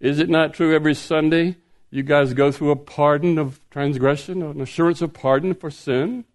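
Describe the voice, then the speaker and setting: A man preaching a sermon in a church, animated and asking the congregation rhetorical questions. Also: on the high side, normal speed.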